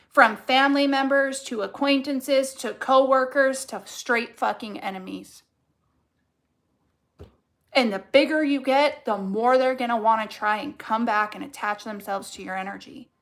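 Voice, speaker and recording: A young woman with a fairly high voice reads tarot cards in a loose, casual way. She is blunt and fired up, and she swears constantly as she presses her point home. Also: a bit bright. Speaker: tarot card reader. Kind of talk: casual collective reading.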